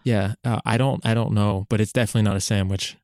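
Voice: mid-range voice, steady tone, fast talker, a little mellow, no echo, clean studio sound. A tabletop game player chatting casually with offhand, jokey replies. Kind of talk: casual play talk.

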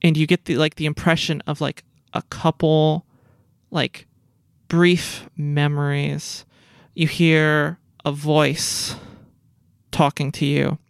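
A man running a tabletop game as game master, narrating in a halting way with many fillers and restarts. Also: on the high side, level tone, creaky, clear, resonant tone, no echo.

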